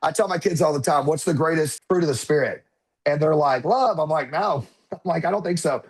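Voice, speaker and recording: Animated man telling a family story. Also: fairly high pitch, fairly quick, husky. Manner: animated, acts out quotes of his children. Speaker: podcast guest. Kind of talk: conversational storytelling.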